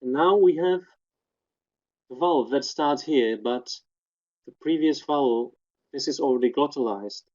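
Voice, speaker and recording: Speaking a little slowly with long pauses, a man whose mid-range voice has a darkish tone leads a technical webinar on spectrograms. He explains sound details methodically, one at a time, though the audio is dull and lo-fi.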